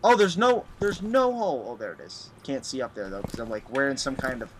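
A man's voice: medium pitch, expressive, a little fast. A young man commenting on a horror game as he plays, jumpy and mocking himself as he talks to himself. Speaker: gaming YouTuber. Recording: noisy home recording with clicks.

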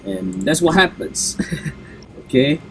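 A man's voice: mid-range voice, very animated, slow pace, a little hiss or hum. A man who keeps sneezing, narrating his gameplay in casual commentary for his viewers. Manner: sneezes often, apologizes, talks to the viewers. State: sneezy, congested. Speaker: gameplay video host.

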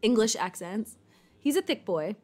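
A woman's voice: medium pitch, animated, moderate pace, a little mellow. Rambling, casual woman chatting with viewers. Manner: rambling, fillers like "like", casual swearing. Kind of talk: casual chat.

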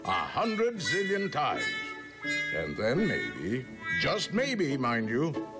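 A man playing Santa Claus in an old animated TV special, sternly scolding at a slow, deliberate pace. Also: medium pitch, exaggerated voice. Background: music score.

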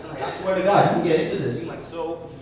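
Self-mocking stand-up comedian in an echoey room. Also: male voice, fairly high pitch, very fast, very noisy. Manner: animated, self-mocking storytelling. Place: comedy venue. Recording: echoey room heard from a distance.

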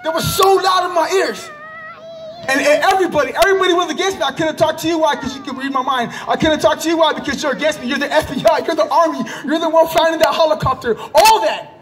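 High-voiced man shouting his testimony. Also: fast talker, slight background noise. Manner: often breaks into shouts with emphatic repetition. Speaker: person giving a religious testimony. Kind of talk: impassioned spoken testimony. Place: outdoors in a public park.

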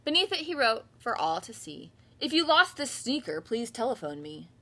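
Bright, lively woman reading to kids. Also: fairly high pitch, normal speed. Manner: lively storytelling with voiced characters. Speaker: kindergarten teacher. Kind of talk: reading a picture book aloud to children. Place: home, livestreamed class.

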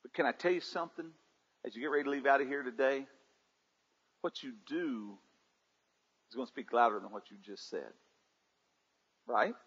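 A man's voice: medium pitch, moderate pace, pauses often, a bit bright, breathy edge. Preaching man in a reverberant church. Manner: preaching with rising intensity, calling for audience responses. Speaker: pastor. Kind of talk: sermon. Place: church sanctuary. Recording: dull livestream audio in a reverberant sanctuary.

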